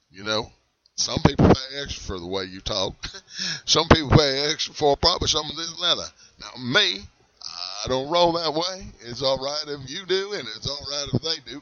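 A young man hosting a comic street interview in a laid-back, drawling manner, staying mock-polite. His voice is bright and lively in pitch. The recording is dull and dry. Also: no echo. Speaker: comedy host and interviewer.

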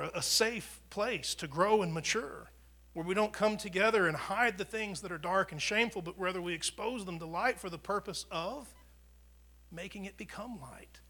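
A pastor preaching a conversational sermon, swinging from loud proclamation down to near whispers, often repeating and restarting words. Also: male voice, sits high, moderate pace. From United States.

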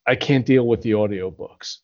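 A man's voice: lowish voice, normal speed. Swearing podcast guy, dull lo-fi sound. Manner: swearing, animated storytelling. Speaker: podcast co-host. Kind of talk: casual chat.

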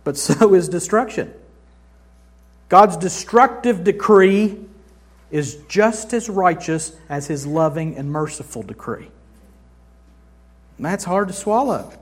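A man's voice: high-pitched, breathy edge. A man preaching a sermon in a dramatic, conversational way, mixing humorous asides with vivid retellings of scripture. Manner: dramatic, acts out scripture scenes with big swings from loud to hushed. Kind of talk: sermon teaching.

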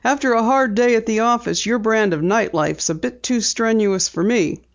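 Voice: medium pitch, normal speed, vocal fry, voice pushed up, natural voice. A reader voicing a stern, irritable editor father. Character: gruff middle-aged newspaper editor father. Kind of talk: audiobook character reading. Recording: dull lo-fi recording.

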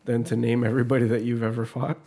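A man's voice: mid-range voice, little pitch movement, quick pace, dark tone. A man in casual comedic chat, teasing his friend and jumping into voices and bits. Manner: teasing, profane, acts out bits.

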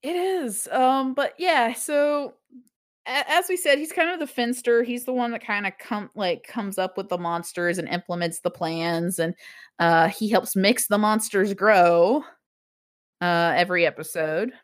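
A woman's voice: medium pitch, a little slow. Rambling woman in casual chat. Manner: rambling, lots of "like", laughs often. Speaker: podcast co-host. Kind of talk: casual chat reviewing a TV show.

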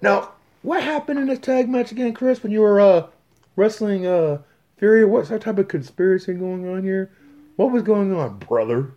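A boisterous man tells a story in a high voice that is quick to get loud. He swears freely and acts out each scene as he talks. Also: dull audio. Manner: boisterous, profane, animated storyteller. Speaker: guest. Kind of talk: casual podcast storytelling.

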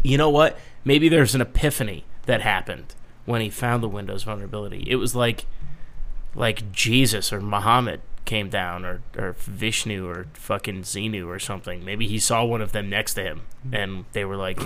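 A man co-hosting a casual tech podcast, chatting loosely with a lot of swearing and mocking voices. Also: lowish voice. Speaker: podcast co-host. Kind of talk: casual profane banter.

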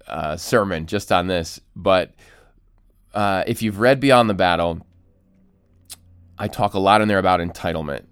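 A man's voice: on the low side, clean tone, dry recording, studio quality. A man hosting a podcast who teaches as a pastor, earnestly explaining with restarts.

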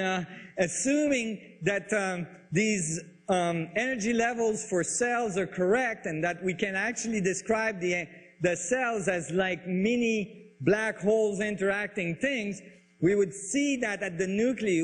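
A man explaining science ideas in a lecture style, halting and searching for words, with frequent restarts. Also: high-pitched. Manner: enthusiastic about the ideas. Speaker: speaker on physics and biology.

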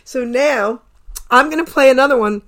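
A woman's voice: sits high, normal speed, fairly bright tone. A woman hosting a radio interview, bubbly and gushing, laughing often. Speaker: radio show host.

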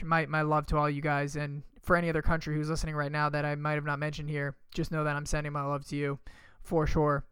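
A man's voice: a little high, fairly bright tone, smooth, dry recording. A man hosting a motivational podcast, talking casually and emphatically, with lots of fillers and some swearing. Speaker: podcast host and coach.

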